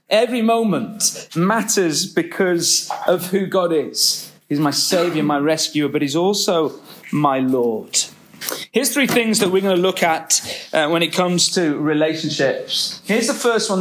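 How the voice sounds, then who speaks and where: A man's voice: high-pitched, background noise. A middle-aged man preaching a sermon, reading scripture and acting out quotes with humor. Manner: lively, expressive preaching with humor and acted-out quotes.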